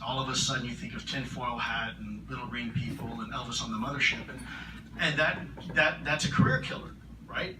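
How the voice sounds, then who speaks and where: A man answering audience questions at a conference, earnest and measured, often repeating his words. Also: mid-range voice. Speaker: conference keynote speaker. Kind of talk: public Q&A answers. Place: large conference hall. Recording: roomy hall, distant mic, noisy.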